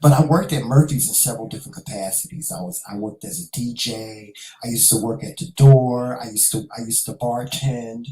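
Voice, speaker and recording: A man's voice: mid-range voice, fairly quick, a little mellow. A middle-aged man hosting a casual live chat show, talking straight to his viewers and calling them y'all, honey and child, often repeating himself. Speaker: talk show host. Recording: echoey room.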